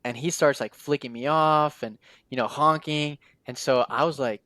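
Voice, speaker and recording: A man's voice: medium pitch, moderate pace, a bit bright, no echo. Man telling stories in a dry-sounding podcast. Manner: storytelling with many "like" fillers and quoted dialogue. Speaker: series guest. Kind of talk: casual podcast conversation.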